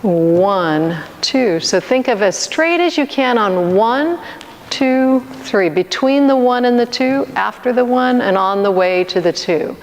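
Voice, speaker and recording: Woman dance teacher, slow patient counting, echoey studio hall, faint hiss. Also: a little high, lively intonation. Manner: counting beats aloud, patient step-by-step coaching. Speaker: dance instructor. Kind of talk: dance lesson instruction. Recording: long reverb, faint noise.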